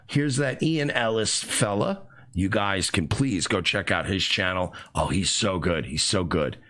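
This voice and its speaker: Male streamer, sarcastic mock-pleading, animated pitch. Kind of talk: sarcastic live-stream rant.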